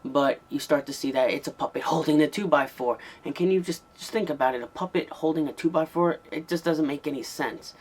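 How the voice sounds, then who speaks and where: A man's voice: a little high, brisk, hardly any pauses, slightly rough. A man giving a casual, rambling spoken review of an old horror tape, with frequent ums and restarts. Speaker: VHS movie reviewer.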